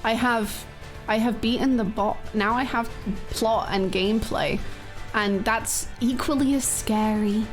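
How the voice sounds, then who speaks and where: A woman's voice: a little high, fairly even intonation, measured pace, faint music behind. A woman streaming a game, chatting casually and greeting viewers, her voice a bit scratchy, laughing often.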